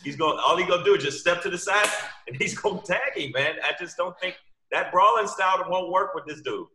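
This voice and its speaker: A man's voice: sits high, fairly quick, echoey room, noisy background. A man, a fighter guest on a podcast, talking emphatically and swearing. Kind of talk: casual chat on a video call.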